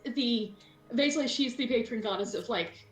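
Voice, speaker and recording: A woman running a tabletop game as game master in casual chat, animated and playful, often slipping into silly voices. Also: on the high side, a little fast, roomy sound.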